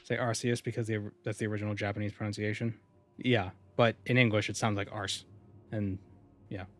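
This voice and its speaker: A man's voice: on the low side, flat delivery, a little fast, fairly bright tone, soft background music. Rambling male game streamer. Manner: rambling, reads viewer comments aloud and answers them. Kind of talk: casual live-stream chat.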